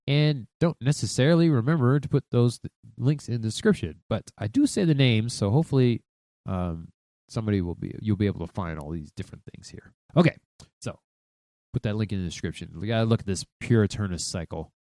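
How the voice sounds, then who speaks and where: A man's voice: fairly low pitch, gravelly, no echo, studio quality. A man in his thirties hosting a solo podcast, talking with emphatic profanity and lots of self-talk. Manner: profane, emphatic, animated, talks to himself. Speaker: podcast host.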